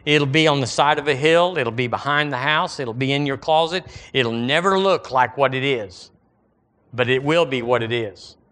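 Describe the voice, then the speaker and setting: A male pastor, preaching an animated sermon and calling on the congregation to repeat lines after him. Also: medium pitch, normal speed.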